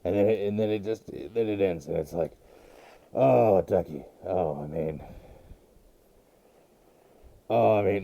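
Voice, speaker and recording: A man casually recapping an episode as a podcast host, rambling and halting with many fillers and restarts. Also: low voice, gravelly, mellow, no echo.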